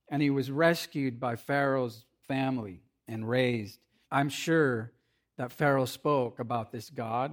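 A man preaching as a pastor, speaking conversationally with playful asides and acted-out quotes. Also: medium pitch. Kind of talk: sermon.

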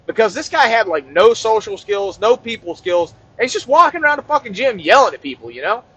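A man delivering a rambling, profane comic rant with deadpan asides. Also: high-pitched, fairly quick, slightly rough. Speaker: comedian.

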